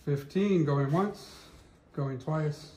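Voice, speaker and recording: A man's voice: on the high side, slow, darkish tone. Distant man calling short bids. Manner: short clipped bid calls. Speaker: auctioneer. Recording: echoey, from afar, with crowd.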